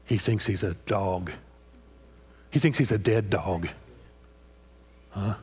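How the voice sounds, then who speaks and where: A man's voice: fairly low pitch, slightly rough. A man preaching a sermon with passion, repeating phrases and prodding his listeners with "huh?" after each point.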